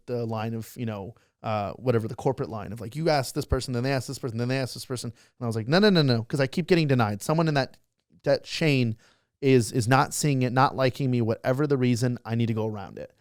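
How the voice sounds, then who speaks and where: Young male guest, rapid storyteller, smooth clear voice, dry close sound, acts out the quotes. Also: mid-range voice, no room sound. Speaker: guest, social media creator. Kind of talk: casual storytelling interview.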